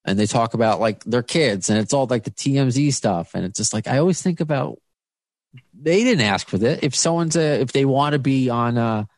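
A man's voice: mid-range voice, animated, moderate pace, a little mellow, no echo. A man hosting a podcast interview, talking casually and rambling with many restarts and fillers. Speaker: podcast host.

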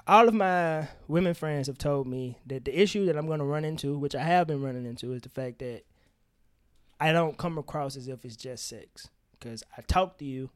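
Animated man in candid chat, higher voice. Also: moderate pace, clear, resonant tone. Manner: animated, emphatic storytelling with frequent swearing. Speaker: podcast co-host.

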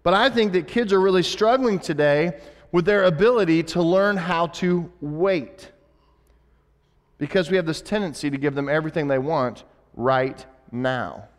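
A man's voice: fairly high pitch, moderate pace. Man preaching in a reverberant hall. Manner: conversational, with many restarts and asides. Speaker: pastor. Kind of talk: sermon.

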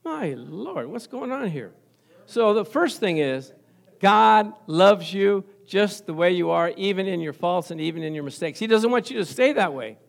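Pastor guy preaching, high voice, jokey stories, keeps asking for amens. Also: expressive, moderate pace, vocal fry. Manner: storytelling with call-and-response, laughing often. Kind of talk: sermon.

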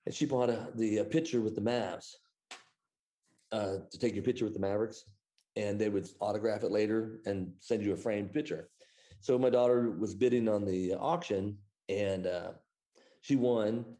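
Low, mellow-voiced man from Iowa. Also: fairly even intonation, normal speed. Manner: rambling, filler-heavy, lots of "uh" and restarts. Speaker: author and interview guest. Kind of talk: anecdotal storytelling in conversation.

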